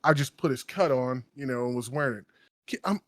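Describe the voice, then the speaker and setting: Speaking a little fast in a mid-range voice, this thirty-something man co-hosts a podcast and relays a story in a relaxed way. He laughs frequently and performs other people's lines, and the recording is dry and studio-clean.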